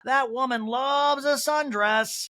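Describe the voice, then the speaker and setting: A man's voice: extremely high pitch, steady tone, slow, sharp tone, clean tone, voice pushed up, full character voice. A man doing a catty, gossipy woman.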